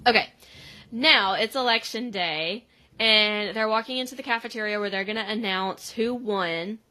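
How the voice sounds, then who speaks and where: Bright-voiced woman podcast co-host. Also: mid-range voice, moderate pace. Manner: chatty, acts out quotes. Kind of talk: casual episode recap.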